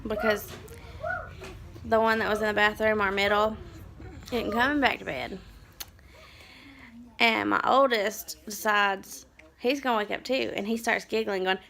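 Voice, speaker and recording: A mother in her thirties telling a story in a rambling, animated vlog and turning aside to her children. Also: mid-range voice, a little slow, vocal fry, pauses often. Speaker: mother vlogger.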